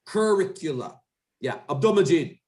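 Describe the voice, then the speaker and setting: A man with a fairly high voice teaches an English class and swings his pitch up and down as he talks. He drills pronunciation, corrects the students and repeats each word back to them. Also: normal speed. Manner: animated, lively intonation. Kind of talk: classroom drill over a video call.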